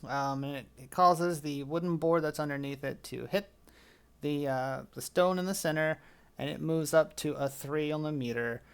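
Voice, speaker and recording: A man narrating as game master of a tabletop game in a relaxed way, with fillers. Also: on the high side, moderate pace, clear, resonant tone.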